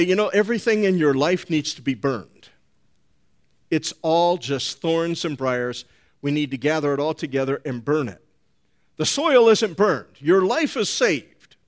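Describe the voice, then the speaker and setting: A man preaching a sermon in a voice pitched somewhat high for a man. He talks slowly and drawls his words. He turns to the congregation with folksy, teasing asides. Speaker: pastor.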